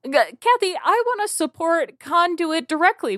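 Woman with a Chicago accent, podcast co-host, giggly and rambling, bit high, dry close sound. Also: animated, measured pace, dry recording. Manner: giggly, rambling with frequent fillers and restarts. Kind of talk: casual podcast chat.

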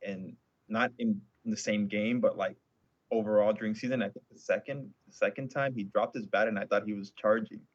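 A man with a low, husky voice chats loosely about his playing days. He uses plenty of fillers and restarts. The audio is dry and slightly muffled. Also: fairly quick, no room sound. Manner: relaxed, with many fillers and restarts. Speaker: former baseball pitcher. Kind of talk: casual chat.

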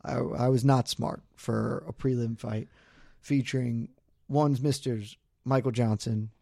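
A man's voice: mid-range voice, fairly even intonation, unhurried, creaky, mellow, no echo, clean studio sound. A man co-hosting a sports betting podcast, talking loosely and poking fun at himself as he walks through his wagers. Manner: loose, rambling, self-deprecating. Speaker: podcast co-host. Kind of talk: casual betting podcast chat.

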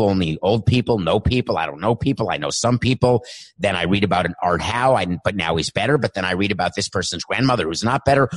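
A man hosting his own podcast, talking solo in a worked-up, emphatic way and stretching words for emphasis. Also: fairly low pitch. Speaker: podcast host. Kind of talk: energetic solo podcast monologue.

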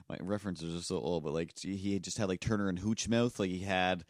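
A lower-voiced man, co-hosting a podcast with a dry, close sound. He rambles and makes fun of himself, and he puts on voices for the people in his story. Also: fairly even intonation, moderate pace, a little mellow, dry recording. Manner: rambling, self-deprecating, acts out voices in stories. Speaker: podcast co-host. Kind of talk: casual chat, storytelling.

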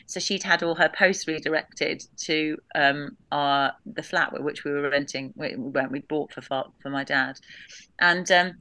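A woman's voice: low voice, bright, forceful tone, dry recording. A woman guest telling a personal story of grief and gratitude in a candid, reflective way, quoting what others said to her. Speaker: podcast guest.

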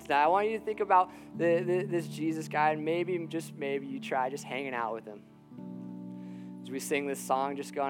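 A man preaching a sermon to a church crowd, telling stories with lots of restarts and quick laughs. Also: mid-range voice. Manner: animated storytelling, many restarts, laughs between lines. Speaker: pastor. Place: church hall with an audience. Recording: faint guitar music behind the voice. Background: soft guitar.

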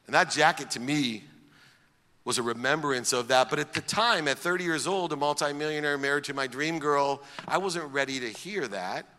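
A middle-aged man from Ohio recounts a personal story in an emphatic speaker's style, stacking his points in repeated lists. His voice is bright and forceful. It carries a long reverb. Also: a little high, moderate pace. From Akron, Ohio, US. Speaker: public speaker.

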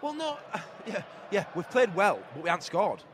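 Young fan, high and animated, excitable matchday vlogger recorded outdoors with loud background noise. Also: male voice, normal speed. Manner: excitable, shouts at the play, argumentative. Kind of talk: live matchday commentary and banter. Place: football stadium stands, outdoors. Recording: noisy outdoor stadium.

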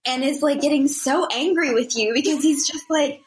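A woman guest in a casual interview, telling stories in an animated way with many fillers. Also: sits high, normal speed, few pauses, slight background noise. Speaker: guest, YouTuber.

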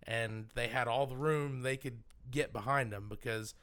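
A man's voice: medium pitch, steady tone, normal speed, a bit bright, smooth. A man co-hosting a casual film podcast, giving emphatic, enthusiastic opinions on how a movie was shot. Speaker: podcast co-host.

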